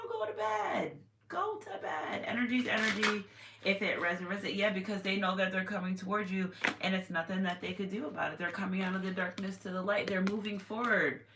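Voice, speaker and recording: Lady doing a chill tarot reading, keeps repeating herself, yells out now and then, echoey room. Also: mid-range voice. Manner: chatty, repetitive, with sudden exclamations. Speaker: tarot reader. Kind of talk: casual tarot reading to viewers. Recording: echoey room with faint noise.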